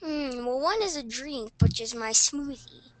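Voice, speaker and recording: A woman's voice: high-pitched, lively intonation, a crowd in the background. A female student in class, reading out a nutrition label item by item. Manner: slow, listing items one by one.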